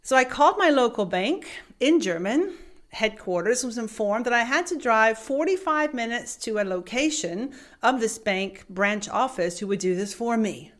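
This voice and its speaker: A woman from the United States telling a personal story as a motivational speaker, animated and vivid, laughing as she goes. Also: fairly high pitch, normal speed. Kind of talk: storytelling talk.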